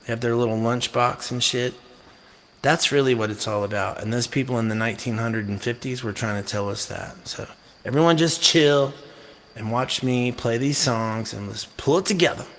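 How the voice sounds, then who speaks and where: A man's voice: medium pitch, moderate pace, fairly bright tone. A man hosting a music live stream, rambling and joking irreverently between songs, with some mild swearing. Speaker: singer-songwriter and live-stream host.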